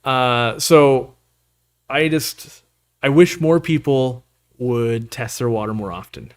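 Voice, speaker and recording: A man's voice: mid-range voice, slow pace. A man hosting a casual aquarium live stream, rambling and joking as he reads chat messages aloud.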